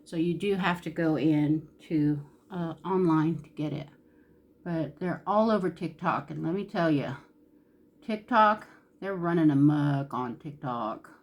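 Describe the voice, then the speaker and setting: Sitting low and a little mellow, this woman's voice keeps a moderate pace and fairly even intonation. As a beauty vlogger doing her makeup, she chats candidly through a casual tutorial, emotional and sometimes near tears, with a Southern-style "y'all."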